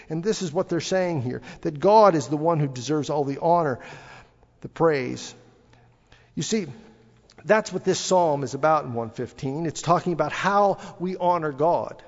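Man preaching in a reverberant hall. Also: a little high. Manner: earnest preaching, rising emphatically on scripture quotes. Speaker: pastor. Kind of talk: sermon. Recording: dull lo-fi audio with long hall reverb.

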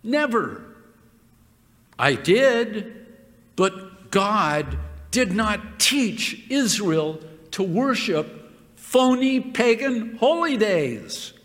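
A high, lively male voice preaching a sermon in a church hall, repeating phrases and leaning hard on key words. He speaks slowly, and the sound rings with a long hall reverb.

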